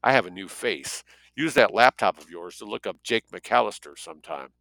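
A man's voice: fairly low pitch, lively intonation, normal speed, creaky, bright, forceful tone, no room sound, poor audio. A man reading a story aloud as an audiobook narrator, lightly voicing the dialogue.

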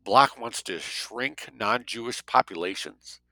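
A man voicing a terse, cold male scientist in an audiobook, with a gravelly voice. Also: mid-range voice, expressive, slow, sharp tone, no room sound, full character voice, low-quality recording.

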